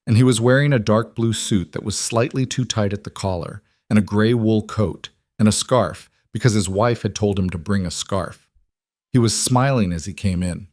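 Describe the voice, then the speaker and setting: A man giving measured, deliberate scripted narration of a crime drama. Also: fairly low pitch, a little mellow, no echo, studio quality.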